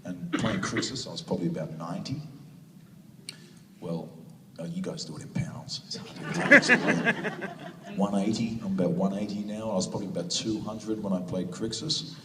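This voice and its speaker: Deep-voiced man telling stories in an echoey hall. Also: brisk, noisy background. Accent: New Zealand. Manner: laughing, rambling anecdotes with many restarts. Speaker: convention panel guest. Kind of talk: casual storytelling Q&A answer. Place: large convention hall. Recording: echoey hall recorded from far off.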